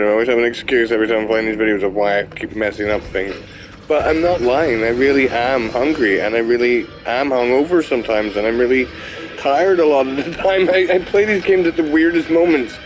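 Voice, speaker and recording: A man's voice: medium pitch, fairly quick, noisy background. A young man giving casual, rambling commentary while playing a video game, swearing now and then. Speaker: gamer. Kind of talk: casual let's-play commentary. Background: game music.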